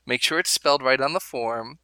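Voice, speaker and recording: A man's voice: mid-range voice, bright, forceful tone, clear, resonant tone, no room sound. A man co-hosting a podcast, chatting casually and rambling with amused asides. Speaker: podcast co-host. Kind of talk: casual chat.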